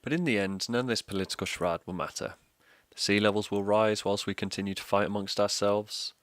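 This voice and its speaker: Low-voiced sardonic man ranting. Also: fairly quick, dry recording. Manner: sardonic, sweary, deadpan mockery. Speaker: comedic ranter. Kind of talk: scripted comedic political rant.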